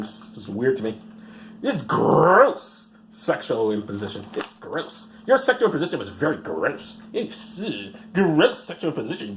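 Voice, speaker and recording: A man's voice: mid-range voice, a little hiss or hum. A man reading out news stories and mocking them with sarcastic, rambling asides. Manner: rambling, mocking asides, mumbled "blah blah" skips.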